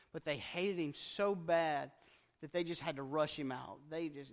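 A man's voice: a little high, fast talker, smooth, big-room sound. A man preaching a conversational sermon in a folksy manner, acting out what people in the scripture might say. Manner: folksy, acts out quoted speech in plain voice.

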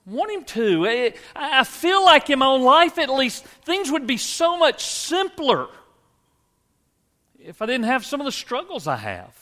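A man's voice: very high voice, wildly swooping pitch, a little slow, sharp tone. A man preaching a sermon as pastor, earnest and conversational, asking the congregation rhetorical questions. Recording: long hall reverb.

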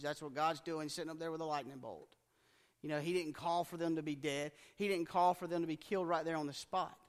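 A man's voice: fairly high pitch, long reverb tail. A man preaching a conversational sermon in a folksy manner, acting out what people in the scripture might say. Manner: folksy, acts out quoted speech in plain voice.

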